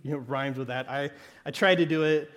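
A man's voice: mid-range voice, fairly quick, fairly bright tone. A man with a Southern Arkansas accent preaching a sermon, talking conversationally and often checking in with "right?" while repeating words as he restarts. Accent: Southern American (Arkansas). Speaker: pastor.

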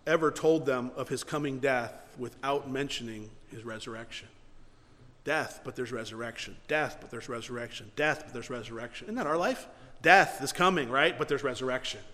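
A man preaching a sermon, earnest, swinging between loud emphasis and quiet, soft passages, closing in prayer. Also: medium pitch, normal speed, big-room sound. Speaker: pastor.

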